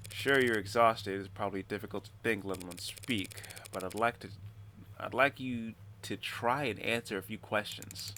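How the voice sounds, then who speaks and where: A man reading aloud as a calm, methodical defense attorney, speaking in a measured, reassuring way. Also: lowish voice, slight background noise.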